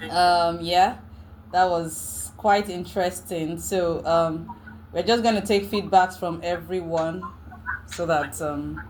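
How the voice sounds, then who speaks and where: A woman leads a workshop session and praises a teaching demo with laughs and plenty of ums. She speaks slowly and unhurriedly. A faint hiss runs under the recording. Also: on the low side. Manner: warm praise with laughs, hesitant fillers. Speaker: workshop facilitator. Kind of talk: casual chat.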